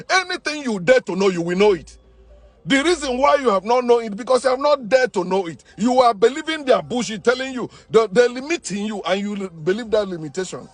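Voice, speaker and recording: High-voiced preachy man. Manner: forceful, preachy, repeats himself, stumbles and restarts. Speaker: online commentator. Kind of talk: impassioned monologue.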